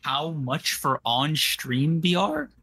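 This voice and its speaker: A young man co-hosting a podcast chats casually with livestream viewers, trash-talking in brash, profane banter. His fairly high voice is expressive, bright, forceful, and slightly rough, and he takes it slowly.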